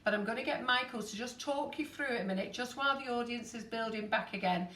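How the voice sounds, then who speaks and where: A woman's voice: a little high, fast, sharp tone. A woman in her fifties hosting a live baking stream, chatting with viewers. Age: 50s. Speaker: host. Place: busy studio kitchen. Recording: echoey kitchen, distant mic, faint noise.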